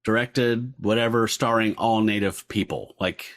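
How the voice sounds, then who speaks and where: A man co-hosting a casual podcast about comics, talking in an excitable, animated way and swearing casually. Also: lowish voice, unhurried. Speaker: podcast co-host.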